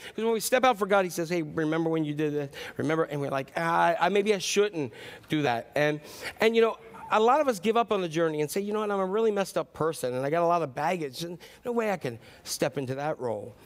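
A man with a notably high speaking voice delivers a sermon as pastor. He tells stories along the way and acts out the quoted lines. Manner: storytelling with acted-out quotes.

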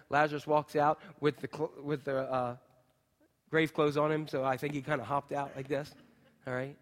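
A man's voice: a little high, fairly even intonation, fairly quick. A man preaching a sermon, retelling scripture in casual modern speech and asking the congregation questions. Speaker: pastor. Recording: long hall reverb.

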